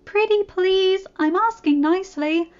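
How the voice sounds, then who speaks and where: Perky high storybook troll princess, put on by a woman reader, loud and sing-song. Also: unhurried, muffled recording. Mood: pleading. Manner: cheerful, sing-song, pleading. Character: bubbly upbeat young female troll princess.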